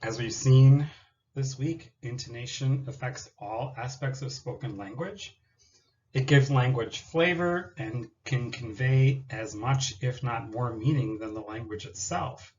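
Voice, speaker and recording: A man's voice: mid-range voice, a little slow, a little mellow, highs cut off. A man giving a recorded class presentation on a teaching activity, explaining in a partly read style with occasional fillers.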